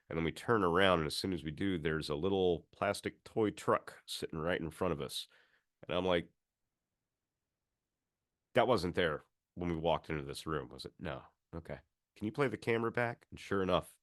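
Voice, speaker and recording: A man talking as a podcast guest, an animated storyteller who acts out the quotes in his stories. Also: low voice, no echo, clean studio sound. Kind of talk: casual chat.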